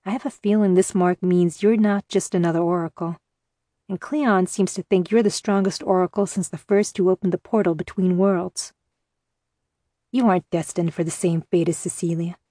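A woman's voice: on the low side, no room sound, clean studio sound, natural voice. Woman reading as grim, cold-blooded male captor. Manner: steady, cold and matter-of-fact.

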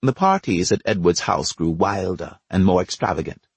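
A man narrating an audiobook in a measured storytelling way. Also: sits low, lively intonation, vocal fry, husky, no echo.

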